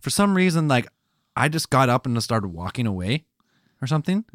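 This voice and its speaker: Fast-talking, blunt man, profane. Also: medium pitch, big pitch swings, no room sound, studio quality. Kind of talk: casual chat.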